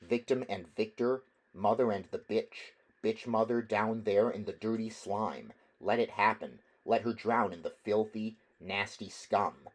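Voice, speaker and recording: Low-voiced man reading an audiobook. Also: a little slow. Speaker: audiobook reader. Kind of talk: audiobook narration.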